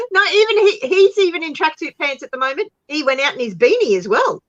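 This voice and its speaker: A chatty Australian woman hosts a casual live stream, with giggles running through her talk and her pitch jumping high. She sounds a little stuffed up from a cold, and the sound is slightly dull and lo-fi. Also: big pitch swings, a little fast. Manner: giggly, chatty, often laughing. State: congested with a cold. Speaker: host. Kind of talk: casual live chat with viewers.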